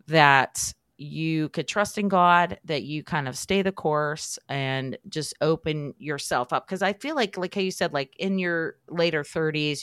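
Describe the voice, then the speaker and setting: A woman's voice: deep voice, a bit bright, dry recording, clean studio sound. A woman hosting a podcast, asking long rambling questions packed with fillers in a casual chatty way. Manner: rambling questions full of likes and you-knows. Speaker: podcast host. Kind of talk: casual interview chat.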